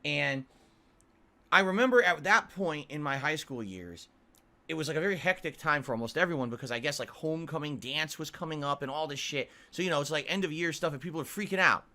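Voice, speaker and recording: A man's voice: on the high side, animated, fairly quick, sharp tone. A man, a longtime YouTuber and streamer, ranting to his viewers in a blunt, profane way and often tagging his points with a question. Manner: blunt and profane, keeps asking "right?".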